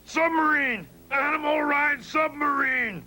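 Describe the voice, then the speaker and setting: A man voicing a stubborn, wild baby monster boy who shouts short, broken phrases and drags them out slowly. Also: extremely high pitch, faint music behind, pitched above the performer's own voice, full character voice. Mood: stubborn, shouting. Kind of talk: storybook character voice.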